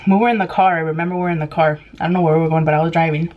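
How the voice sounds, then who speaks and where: A woman's voice: sits low, fairly even intonation, rapid-fire, lo-fi sound, slight background noise. Chatty woman telling a story over a meal. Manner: chatty, heavy use of "like", acts out quoted dialogue. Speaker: mukbang vlogger. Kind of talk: casual story time while eating. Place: at home at a table with food.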